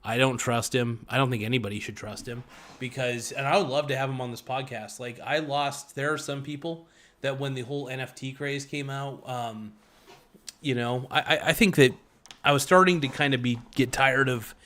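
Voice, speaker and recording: A man's voice: medium pitch, fairly even intonation, moderate pace, a bit bright. A man hosting a podcast, ranting in profane, sarcastic commentary and mocking people in put-on voices. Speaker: podcast host.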